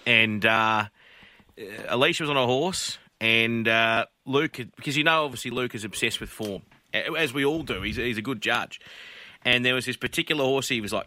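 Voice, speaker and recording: Australian man, radio host, bright forceful voice, dry studio sound, jokey banter. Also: medium pitch, moderate pace, dry recording. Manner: laughing, joking banter. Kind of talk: casual radio panel chat.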